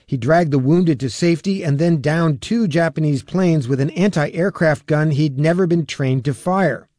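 A man radio reporter telling a scripted news story in a measured delivery. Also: a little high, darkish tone, dry recording, clean studio sound.

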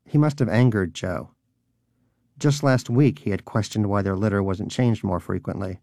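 A man's voice: on the low side, moderate pace, warm tone, dry recording. A man narrating a comic audiobook in a dry, wry storytelling manner.

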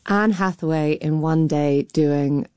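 Woman critic on the radio, low mellow voice, kinda wry, dry room. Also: takes it slowly, clear, resonant tone, no room sound. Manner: frank, wry, with fillers. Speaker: critic and cultural commentator. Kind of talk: radio arts discussion.

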